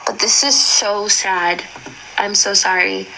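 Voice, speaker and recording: A woman's voice: medium pitch, fairly even intonation, slow pace, creaky, bright, forceful tone, a little hiss or hum, rough recording. A young woman reading aloud and reacting emotionally, with many exclamations and slang.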